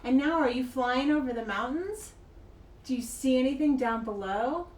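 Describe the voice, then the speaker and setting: A woman teaching a kids' yoga class, gentle, playful and encouraging as she guides a child through poses. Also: sits high, moderate pace, far from the mic. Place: yoga studio. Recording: echoey room, mic from afar.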